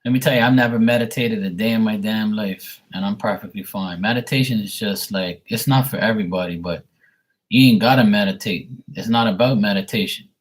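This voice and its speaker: A man's voice: fairly low pitch, a little fast. A man who reads tarot on a live stream, ranting bluntly and profanely to his viewers. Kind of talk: casual rant to viewers.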